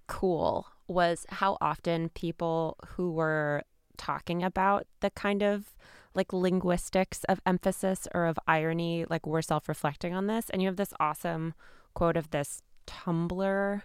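A woman hosts the interview and asks curious follow-up questions. Her voice is low, with a gravelly fry and a smooth, resonant tone. It is recorded close up in a dry room. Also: steady tone, a little slow, dry recording. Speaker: interviewer, podcast host. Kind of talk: conversational interview.

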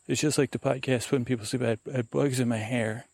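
A man's voice: medium pitch, fairly even intonation, quick pace, gravelly, few pauses, darkish tone, no echo. A tired man hosting a podcast, musing in a meandering way while he walks outdoors in the woods. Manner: meandering, musing, full of fillers. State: tired and dehydrated. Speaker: podcast host. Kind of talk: rambling sleep-podcast monologue. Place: outdoors on a woodland walk.

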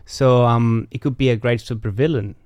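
A man's voice: mid-range voice, steady tone, moderate pace, darkish tone, no room sound. A man, a comedian guest on a podcast, riffing playfully and often restarting his sentences. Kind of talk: casual comedic banter.

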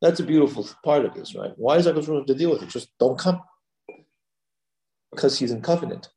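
A man giving a Torah lecture as a rabbi, animated and leaping higher when he voices God's words. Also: racing. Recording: echoey room.

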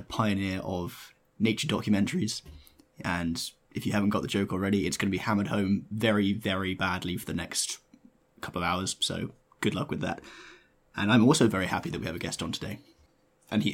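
A man's voice: deep voice, steady tone, a little fast. A man player on a tabletop game podcast, dry and wry in casual chat.

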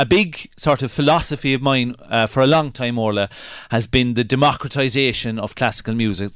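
A man's voice: mid-range voice, fairly bright tone, clean tone, no echo, studio quality. A man with a Kerry Irish accent, a guest opera singer chatting in a radio interview, hesitant with many restarts. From Ireland, County Kerry. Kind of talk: casual radio interview chat.

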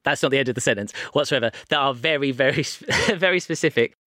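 A man's voice: medium pitch, fast talker, sharp tone, no room sound. A man hosting a podcast in a studio, chatting casually and explaining things with many restarts. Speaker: podcast host. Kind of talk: casual chat. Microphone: studio headphones and mic.

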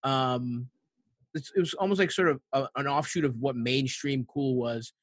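A man's voice: mid-range voice, normal speed, breathy edge, no echo. Rambling crude man with dry close sound. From Baltimore, USA. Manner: rambling, crude, laughing storyteller. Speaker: podcast guest. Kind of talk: casual podcast chat.

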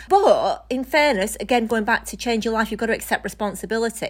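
A woman co-hosting a casual chat, telling lively stories and laughing often. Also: fairly high pitch. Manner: animated storyteller, laughs often. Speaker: co-host.

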